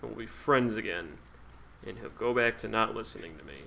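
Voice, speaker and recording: A man's voice: fairly low pitch, animated, brisk, gravelly, bright, forceful tone, slight background noise. A man streaming a video game, talking casually, with sarcastic, profane grumbling at the game. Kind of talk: casual let's-play commentary.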